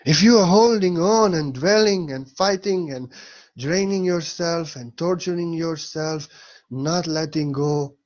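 A man's voice: a little high, unhurried, darkish tone, dull audio. A man giving an earnest spiritual talk in a vlog, repeating key phrases for emphasis. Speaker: spiritual teacher.

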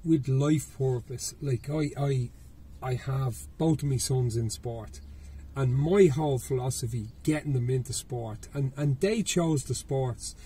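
A man's voice: medium pitch, unhurried, mellow, husky. A middle-aged Irish man hosting a podcast, chatting casually and swearing freely, with rambling restarts. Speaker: podcast host. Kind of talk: casual chat.

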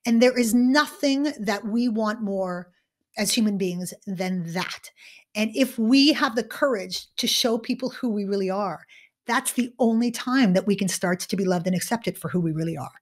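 In an interview, a woman who is both a guest and a keynote speaker recounts a story with dramatic animation, alternating between booming and near-whispered lines. She speaks at a medium pitch and a normal speed.

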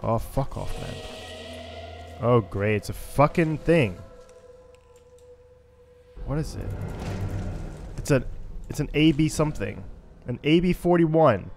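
A man's voice: mid-range voice, lively intonation, slow pace, creaky, pauses often, a little mellow, soft background music. A man giving let's play commentary on a stealth shooter game, frustrated and swearing at it, with chatty asides. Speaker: gaming YouTuber.

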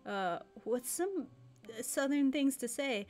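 A woman's voice: sits high, expressive, slow pace, darkish tone, faint music behind. A woman streamer playing a video game, giggling and talking to herself as she decides what to do. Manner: giggly, self-talking, flustered. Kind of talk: let's play commentary.

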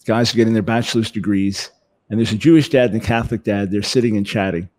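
A man speaking as an interview guest, animated, often repeating words as he builds a point. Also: on the low side, fast talker. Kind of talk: conversational interview.

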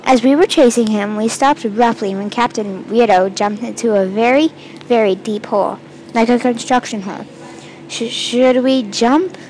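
A woman with a fairly high voice reads her own first-person fantasy tale aloud. She stumbles and starts lines over now and then. A faint hiss runs underneath. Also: a little mellow, poor audio. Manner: halting, with restarts and stumbles; first-person storytelling with quoted lines read in the same voice. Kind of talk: amateur reading of her own fantasy story.

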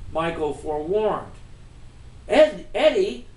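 Author reading his novel aloud, high lively voice, slow, echoey room. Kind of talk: bedtime story reading.

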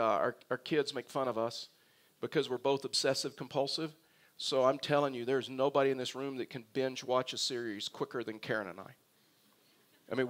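A man, a pastor, preaching a sermon in a conversational way that turns emphatic and animated. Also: medium pitch.

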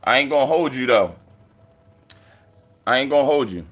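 A man talking casually as a battle rapper, taunting and swearing at a rival in an animated, mocking way. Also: medium pitch, moderate pace. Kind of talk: casual trash talk. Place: indoors with friends.

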